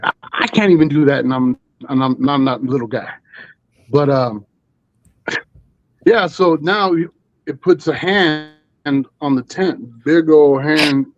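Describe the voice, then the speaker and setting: A man's voice: a little high, measured pace, long pauses, no echo, lo-fi sound. A man telling a story as a guest on a live stream, rambling with many fillers and restarts. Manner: rambling, full of 'you know' and restarts.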